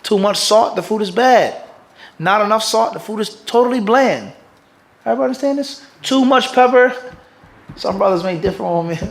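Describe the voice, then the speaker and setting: A man's voice: high-pitched, normal speed, gravelly, a little hiss or hum. Man teaching, quizzing listeners with "what?". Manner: keeps checking "everybody understand this?"; animated, mixes in Arabic terms. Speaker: mufti teaching a hadith class. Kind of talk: religious lecture.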